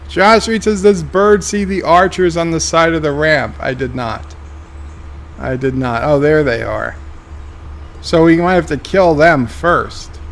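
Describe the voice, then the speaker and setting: A man's voice: fairly high pitch, creaky, fairly bright tone, a little hiss or hum. A man streaming a game, reading viewer comments aloud with dry, offhand replies. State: tired, yawning. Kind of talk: casual live-stream commentary.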